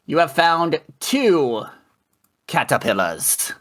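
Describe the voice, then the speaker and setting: A man narrating and running a tabletop game as dungeon master over a voice call, easygoing and quick to laugh. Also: on the high side, very animated, a bit bright.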